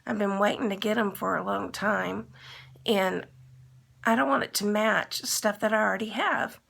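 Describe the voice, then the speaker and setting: A woman with a gravelly, creaky edge to a mid-pitched voice tells a rambling story to the camera. She acts out what everyone said as she goes along. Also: fairly even intonation, normal speed, fairly bright tone. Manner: rambling, retells with quoted dialogue. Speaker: vlogger. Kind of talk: casual storytelling.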